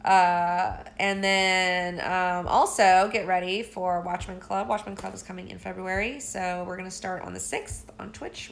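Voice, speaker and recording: A woman's voice: mid-range voice, creaky, a bit bright, slight background noise. A woman talking casually to her viewers from home late at night, rambling and swearing, her sentences full of "like" fillers. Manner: rambling, profane, with many "like" fillers. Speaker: content creator.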